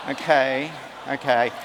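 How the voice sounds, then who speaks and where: A man coaching audience volunteers on a convention stage, playful and theatrical, often laughing. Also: mid-range voice. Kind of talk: live stage banter. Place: large convention hall stage with a live audience. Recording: long hall reverb, crowd and noise.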